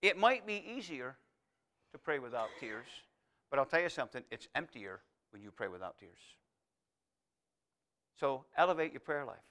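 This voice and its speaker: A male pastor preaching a sermon. He builds emphatic repeated phrases, then drops to a soft, intimate tone. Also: mid-range voice, big pitch swings, moderate pace, pauses often. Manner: preaching with rising, emphatic repetition.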